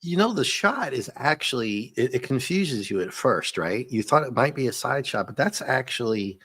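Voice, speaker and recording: A man's voice: mid-range voice, animated, moderate pace, fairly bright tone, slightly rough. A man hosting a casual comic book review, chatty, laughing often and restarting his sentences.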